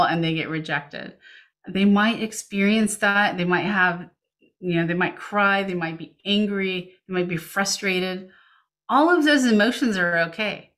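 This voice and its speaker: Over a video call from her home, a woman with a mid-range, fairly bright voice presents a parenting webinar. She coaches parents reassuringly and reads chat questions aloud, all picked up by her computer mic.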